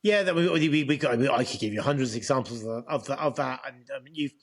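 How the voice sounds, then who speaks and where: A man's voice: medium pitch, lively intonation, brisk. A man with an English accent in casual chat, often stumbling and repeating words as he talks. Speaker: co-host.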